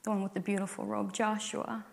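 A woman's voice: medium pitch, level tone, fairly quick, vocal fry, long reverb tail, a little hiss or hum. A woman giving a personal faith testimony in an earnest way, building up to emphatic declarations.

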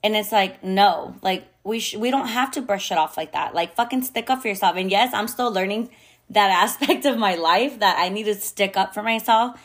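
A mother with a mid-range voice speaking at normal speed hosts a podcast, offering an unfiltered, casual monologue. She curses a lot, uses plenty of fillers and slips into Spanish phrases.

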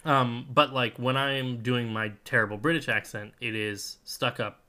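Bright-voiced man chatting casually. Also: medium pitch, measured pace. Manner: laughs often, relaxed and rambling. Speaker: podcast co-host, game master. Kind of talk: casual chat.

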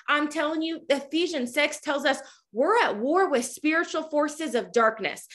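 A woman in her thirties giving a fervent, preachy faith talk to her followers, at times nearly yelling. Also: high-pitched. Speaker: Christian speaker. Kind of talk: impassioned faith talk to a social media audience.

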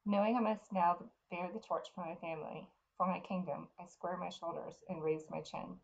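A woman reading a fantasy novel aloud in the first person, in an earnest, unhurried way. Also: fairly low pitch, fairly even intonation, creaky, muffled recording. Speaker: reader.

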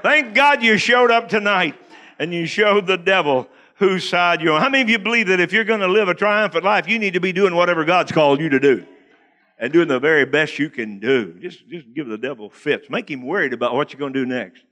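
Male preacher, high and bright, folksy humor, laughs a lot. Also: brisk. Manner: folksy, joking, laughs often. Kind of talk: humorous sermon. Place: church.

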